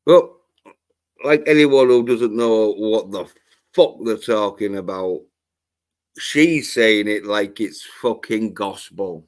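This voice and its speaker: A man's voice: lowish voice, expressive, slow pace. A man hosting a livestream, ranting angrily and swearing constantly in a rambling way. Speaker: livestream host. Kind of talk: profane livestream rant.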